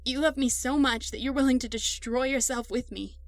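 A woman's voice: high voice, fairly even intonation, a little fast, soft background music. A woman voicing a frantic, raging young man. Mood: despairing. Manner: shouting, desperate outbursts.

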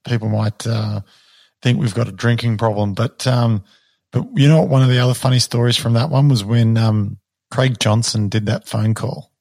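A man's voice: medium pitch, normal speed, darkish tone, no echo, studio quality. Man chatting as a podcast guest. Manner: laughing, enthusiastic recounting. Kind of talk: casual chat.

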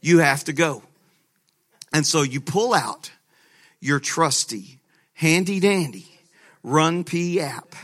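A man pastor preaching a sermon, telling a lively story with laughter and frequent restarts. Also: fairly high pitch, slow, long pauses.

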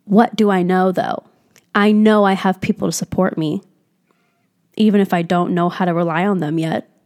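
A woman's voice: on the low side, fairly even intonation, normal speed, darkish tone. A young adult woman hosting a casual solo podcast, talking candidly and reflectively, swearing freely as she encourages herself and her listeners. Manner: candid and heavily profane. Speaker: podcast host.

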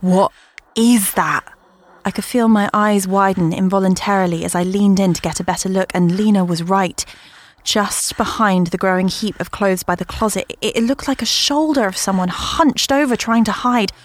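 A woman narrating a first-person horror story in a measured storytelling manner. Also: mid-range voice, steady tone.

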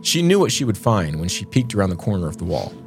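A man's voice: low-pitched, sing-song, fast talker, faint music behind. A man co-hosting a podcast, reading a scripted eerie story and then chatting and joking with his co-host. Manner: dramatic storytelling, joking banter. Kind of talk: scripted narration then casual chat.

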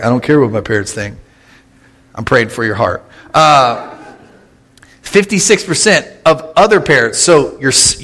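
Casting: man in his thirties, pastor giving a relaxed, jokey sermon, mid-range voice, church hall reverb behind him. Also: mid-range voice. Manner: joking, conversational, with quick asides and laughs. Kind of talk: casual humorous sermon. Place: church sanctuary.

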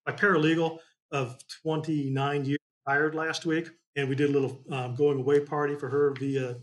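A man's voice: fairly high pitch, level tone, normal speed. A man from Indiana, a trial attorney telling a folksy courtroom story in a casual chat, rambling with many fillers.

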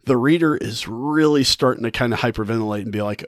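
A man casually retelling a classic short story with animated energy, laughing often and restarting his phrases. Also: medium pitch, a little fast, hardly any pauses, no room sound, studio quality. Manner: animated, retells the story with mock-quoted thoughts. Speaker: book vlogger. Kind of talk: casual book discussion.

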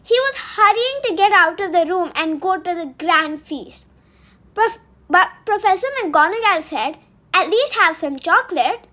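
A woman's voice: extremely high pitch, lively intonation, a little slow, bright, forceful tone. A woman hosting a podcast, retelling a book in a chatty way with fillers and asides. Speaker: podcast host.

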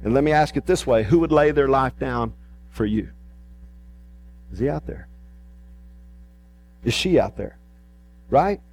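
A male pastor preaching an animated sermon, swinging between emphatic rises and soft low asides. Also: unhurried, gravelly, long pauses.

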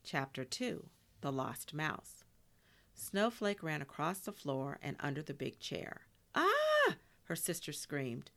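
Low, gravelly woman reading a storybook. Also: unhurried. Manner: expressive reading with Spanish words.

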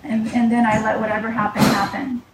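A woman's voice: a little high, flat delivery. Emotional woman, distant and echoey. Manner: emotional, halting. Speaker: caller. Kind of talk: telling a personal story. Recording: echoey and distant with background noise.

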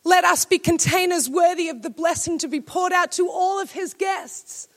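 High-voiced woman preaching with emphatic force. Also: normal speed. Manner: emphatic, rising to shouted declarations. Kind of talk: sermon.

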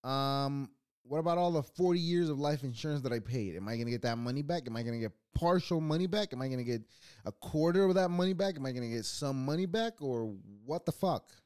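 A man hosting his own channel, ranting casually and profanely, rambling with sudden swings between loud outbursts and quiet mutters. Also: medium pitch, lively intonation, quick pace, clean tone. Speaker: channel host.

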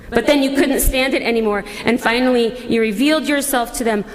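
A woman's voice: a little high, brisk. A woman pastor preaching a sermon as a dramatic second-person retelling full of rhetorical questions. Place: church. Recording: long church reverb.

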